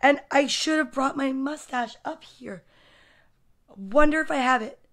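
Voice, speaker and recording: A woman's voice: high voice, measured pace, a bit bright. A woman hosting a casual storytime livestream, chatty and gushing, greeting viewers by name between books. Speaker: storytime host. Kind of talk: casual livestream book reading.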